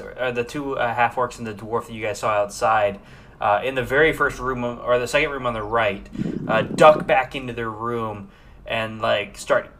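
A man's voice: medium pitch, a bit bright, a little hiss or hum. A man narrating as game master of a tabletop game, loose and rambling with many fillers.

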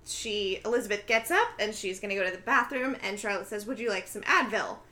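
A woman's voice: mid-range voice, brisk, bright, forceful tone. A woman co-hosting a casual podcast, animatedly retelling a TV episode with frequent laughter. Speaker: podcast co-host recapping a TV episode. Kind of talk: casual chat.

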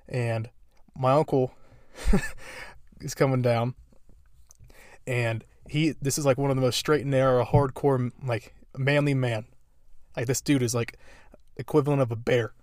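A man's voice: mid-range voice, a little mellow, no room sound. Dry-sounding young man telling stories. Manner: rambling, amused, filler-heavy. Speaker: podcast host. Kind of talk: casual storytelling.

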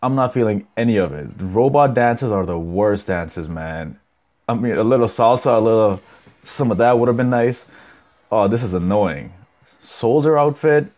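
A young man with a very deep, low voice hosts a casual solo podcast. He rambles loosely, swears freely and jumps from one thought to the next as he reacts to clips. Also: expressive, moderate pace, a little mellow. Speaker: podcast host.

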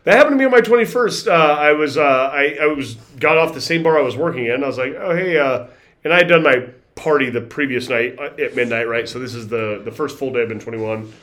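Middle-aged dude rambling thru bar stories, does little voices for people. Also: male voice, medium pitch, fast talker, a bit bright. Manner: rambling storyteller, acts out quoted voices. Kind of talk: casual chat.

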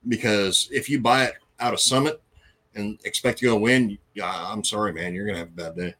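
A man's voice: lowish voice, brisk, bright, forceful tone, breathy edge. A man co-hosting a casual racing livestream, joking around and swearing freely while he explains carburetors and car setup. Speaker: racing co-host.

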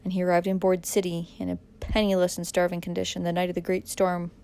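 A woman narrating a dramatic audiobook in a measured way, pressing harder in tense moments. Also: on the low side, monotone, warm tone, clear, resonant tone.

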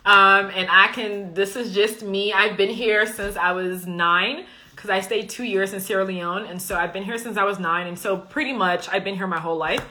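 A woman's voice: medium pitch, steady tone, normal speed, bright, forceful tone. A Liberian-born woman who works as a coach, chatting casually while answering viewer comments, chatty and emphatic. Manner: chatty, emphatic, often says "okay?". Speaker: coach and live-stream host.

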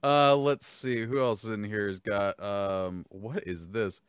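A man's voice: on the low side, steady tone, slow pace, clean tone, no echo, clean studio sound. An American man hosting a casual livestream, reading chat questions aloud, laughing often and tripping over his words.

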